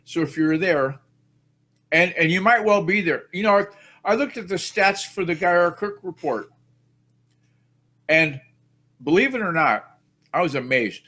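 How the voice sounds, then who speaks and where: A male podcast host with a slightly high voice, talking in a loose, rambling manner. He chats casually and jokes at his own expense. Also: animated, measured pace, long pauses, bright, forceful tone. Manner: rambling, chatty, self-mocking.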